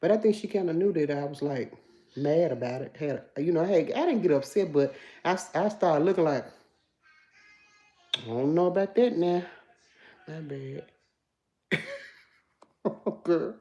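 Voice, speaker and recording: A woman's voice: low voice, lively intonation, moderate pace, mellow, muffled recording, faint music behind. A woman with a country Memphis accent hosting a casual livestream, chatting and answering viewer comments aloud. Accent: Memphis Southern. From Memphis, USA. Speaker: livestream host.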